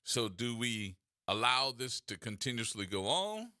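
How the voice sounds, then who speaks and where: A man's voice: medium pitch, big pitch swings, unhurried, pushed and bright, dry recording, studio quality. A man hosting a radio talk show, delivering opinionated commentary full of sarcastic rhetorical questions.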